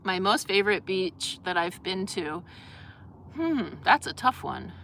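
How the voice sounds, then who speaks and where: A woman's voice: medium pitch, big pitch swings, a little slow, a bit bright, a little hiss or hum. A young adult woman hosting a casual live stream, chatting in a rambling way with lots of fillers and reading out viewer comments.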